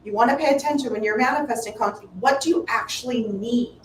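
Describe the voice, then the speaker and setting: A woman hosts a spiritual conversation, leaning on repeated words for emphasis. Her voice sits a little high. She sounds distant from the mic in a roomy space, with faint noise underneath. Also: quick pace. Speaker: host. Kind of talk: spiritual teaching chat.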